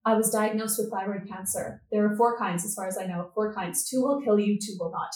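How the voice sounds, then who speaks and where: A middle-aged woman, a guest on a podcast, telling her story and acting out the dialogue with lively energy. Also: medium pitch, a little fast, echoey room, rough recording. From Canada. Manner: lively, acts out quoted dialogue. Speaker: podcast guest, business coach. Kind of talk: storytelling interview.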